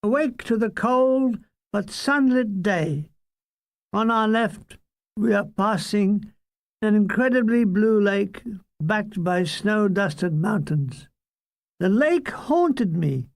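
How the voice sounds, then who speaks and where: Slow, creaky-voiced man telling a wry story. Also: high voice, dry recording. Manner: dry, wry, deadpan, with asides to the listener. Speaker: author reading his own memoir. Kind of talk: comic memoir narration.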